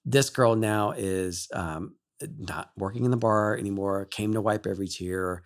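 A male worship leader appears as a guest on a talk show, animatedly telling an emotional story and laughing often. His voice is lowish and his speed normal.

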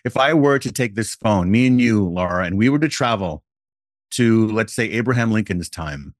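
Man, low voice, podcast host, deliberate, playful hypotheticals, dry close sound. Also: lively intonation, no echo. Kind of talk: conversational podcast chat.

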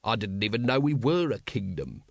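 A male narrator voicing a gloomy, exasperated watch captain who shouts in disbelief. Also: lowish voice, sing-song, moderate pace, vocal fry, no echo, studio quality, full character voice. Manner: exasperated outbursts.

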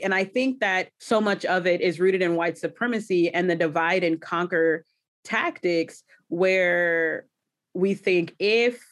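A woman hosting an interview in a casual, expressive, chatty way, full of affectionate interjections. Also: fairly low pitch. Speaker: host.

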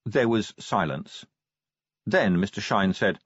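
A man narrating an audiobook in a steady storytelling manner. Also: lowish voice, normal speed, husky, no room sound, dull audio. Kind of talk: scripted narration.

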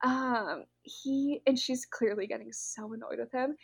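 A young woman co-hosting a podcast, retelling events in a casual, animated way with many fillers. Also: on the high side, unhurried, vocal fry, breathy edge. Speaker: podcast co-host. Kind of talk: casual chat.

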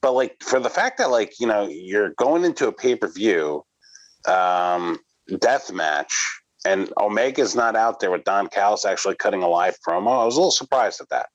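Man, podcast co-host, low lively voice, dry close mic, teasing casual banter. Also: moderate pace, no room sound, highs cut off. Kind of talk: casual chat.

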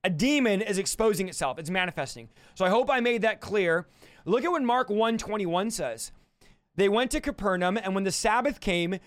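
A man's voice: fairly bright tone, clear, resonant tone, no echo, studio quality. A man preaching a livestreamed sermon as a deliverance minister, emphatic and addressing his audience directly. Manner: emphatic, rising in pitch and force on key points; talks to the audience directly, checking they follow.

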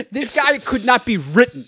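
A young man co-hosting a podcast in casual chat, animated and laughing as he retells an encounter. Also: very high voice, measured pace, creaky. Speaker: podcast co-host.

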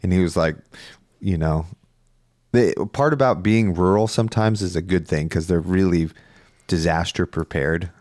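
A man's voice: deep voice, moderate pace, a little mellow, no echo, studio quality. A man co-hosting a podcast, talking loosely and casually with some swearing, telling a long story. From Northern California. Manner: rambling storyteller, laid-back and profane. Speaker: podcast co-host. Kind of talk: casual chat.

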